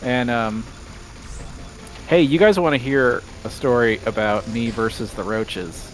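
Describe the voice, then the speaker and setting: A young man co-hosting a live gaming podcast, rambling through his anecdotes in a casual, mid-pitched voice. He breaks into small laughs mid-sentence. Faint music plays behind him. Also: animated, moderate pace. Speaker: podcast co-host. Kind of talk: casual chat on a gaming stream.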